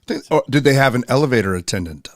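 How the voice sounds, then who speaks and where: Animated man swapping stories. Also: mid-range voice, fast talker, dry recording, studio quality. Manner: animated storyteller, acts out quotes. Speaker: firefighter, podcast co-host. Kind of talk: casual chat.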